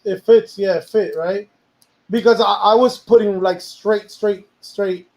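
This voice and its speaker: A man's voice: sits high, fairly even intonation, a little slow, creaky, a little mellow, low-quality recording. A man, a music producer, talking casually about making a song, rambling and slipping into Spanish now and then. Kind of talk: casual chat.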